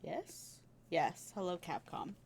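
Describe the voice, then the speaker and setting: A woman's voice: on the low side, expressive, takes it slowly, vocal fry, darkish tone, a little hiss or hum. A woman streamer casually chatting and giggling while playing through a game, thinking aloud as she goes.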